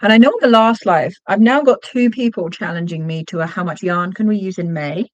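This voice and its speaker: A woman hosting a casual livestream while she crochets. She chats, gets sidetracked, and counts her stitches out loud. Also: medium pitch, a little fast, no echo. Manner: chatty and easily sidetracked, counts stitches aloud. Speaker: livestream host.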